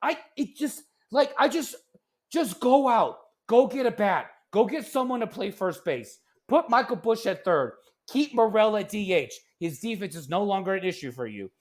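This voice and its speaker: A man co-hosting a casual sports podcast, ranting in an animated, exasperated way that often turns loud. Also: high-pitched, normal speed. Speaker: podcast co-host.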